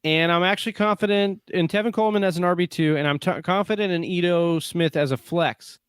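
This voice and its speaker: Give me an emphatic man co-hosting a sports podcast, smooth and close. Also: sits high, fairly quick, no echo. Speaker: podcast co-host. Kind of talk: casual sports chat.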